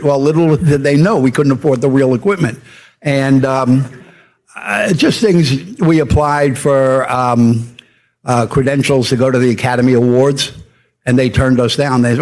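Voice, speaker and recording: An older man at a fireside chat, spinning lively business war stories. His voice sits in an everyday middle register, and he slips into quick impressions of the people in his anecdotes. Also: mid-range voice. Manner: anecdotal, animated, acts out quoted people. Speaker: media entrepreneur guest. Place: stage before a live audience.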